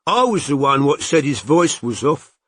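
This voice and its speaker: A sulky young layabout who mumbles his words in sullen slang, as a male narrator plays him. The voice is pitched up and takes on a different, muffled tone, recorded dry and close. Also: big pitch swings, moderate pace, no room sound. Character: weak, sulky young man hiding under a duvet.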